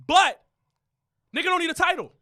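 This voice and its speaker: Very high, lively man making his case. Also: brisk. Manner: animated, builds his points up, repeats key phrases. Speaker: podcast co-host. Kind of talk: casual podcast chat.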